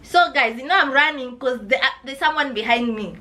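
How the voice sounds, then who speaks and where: A woman's voice: high-pitched, fairly quick, sharp tone, rough recording. A young Kenyan woman with a Kenyan accent telling a personal story in an emotional vlog, often calling her viewers "guys". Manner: emotional, addresses viewers as guys, repeats herself. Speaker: vlogger.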